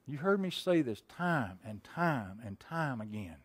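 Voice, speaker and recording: Swinging from loud to hushed, this pastor shares a folksy sermon story and keeps asking the congregation questions. His husky mid-range voice moves through big pitch swings at an unhurried pace, with no echo.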